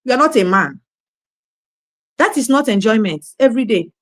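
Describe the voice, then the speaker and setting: A woman's voice: on the high side, lively intonation, normal speed, no echo. A woman ranting in a scolding, preachy monologue, repeating her phrases. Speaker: online commentator.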